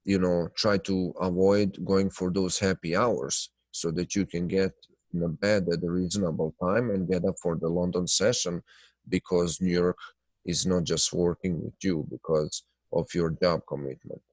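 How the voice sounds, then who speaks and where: A man's voice: low-pitched, fairly even intonation, normal speed, a little mellow, no room sound. A man hosting a live trading webinar, talking loosely with many fillers and sounding nasal from blocked sinuses. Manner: loose, filler-heavy talk, answering viewers by name. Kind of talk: live webinar chat and chart analysis.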